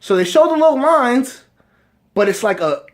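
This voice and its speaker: Young man, high voice, casual rambling commentary, keeps asking "right?". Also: lively intonation, moderate pace. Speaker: video reviewer.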